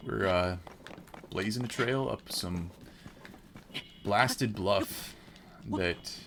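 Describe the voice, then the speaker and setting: Slow, low-voiced playful streamer man. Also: a bit bright. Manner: playful, jokey, chatting with viewers. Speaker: game streamer. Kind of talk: casual gameplay commentary. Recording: clear background noise.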